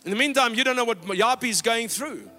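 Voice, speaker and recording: A man's voice: very high voice, expressive, a little fast, pushed and bright, faint music behind. A man pastor preaching a sermon in a church, exhorting the congregation and telling stories with quoted dialogue. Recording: long hall reverb.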